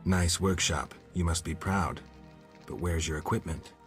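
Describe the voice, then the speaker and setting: An actor voicing a gruff male witcher and monster hunter in a video game, speaking slowly in deep, clipped lines. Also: faint music behind. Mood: flat gruff. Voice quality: slow, deep, clipped delivery. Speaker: game character.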